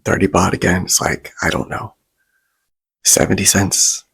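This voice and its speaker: Low gravelly man, soft rambling vlog. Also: a little slow. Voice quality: raspy, breathy and gravelly. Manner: rambling, self-interrupting, animated quoting of others. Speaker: vlogger. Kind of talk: soft-spoken ASMR vlog storytelling.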